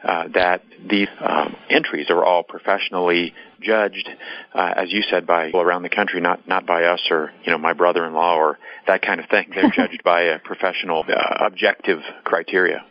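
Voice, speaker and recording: A man's voice: low-pitched, little pitch movement, normal speed, highs cut off. A man hosting a podcast interview, speaking conversationally with some stumbles and repeated words. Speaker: podcast host.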